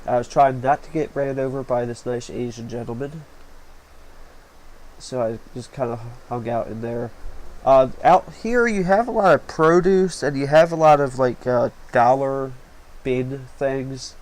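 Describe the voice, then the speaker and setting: A man's voice: medium pitch, unhurried, darkish tone, rough recording. Chatty man narrating his own video. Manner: rambling, chatty, many fillers. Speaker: vlog host. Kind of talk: casual voice-over narration. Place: small hot room with a fan running. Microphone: home recording setup. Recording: faint fan noise.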